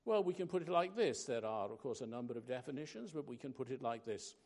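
A man preaching a sermon, slow and emphatic, pausing between phrases. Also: medium pitch, expressive, a little mellow.

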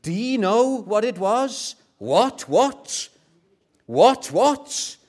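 A man's voice: sits high, sing-song, drawn-out words, a little mellow, voice pushed up, heavily acted. A man voicing an eccentric old male professor who pleads fervently with his class, pressing insistent repeated questions. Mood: fervent pleading.

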